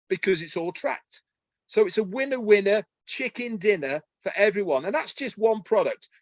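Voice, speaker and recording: A man speaking excitedly on a promotional webinar, folksy and persuasive. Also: sits high, no room sound, highs cut off. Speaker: webinar co-presenter. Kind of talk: enthusiastic promotional webinar talk.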